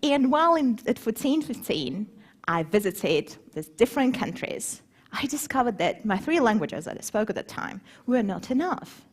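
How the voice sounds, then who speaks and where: Conference speaker: lively woman with a husky edge, engages the crowd with questions. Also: a little high, moderate pace. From grew up between Moscow and Warsaw. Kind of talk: conference talk.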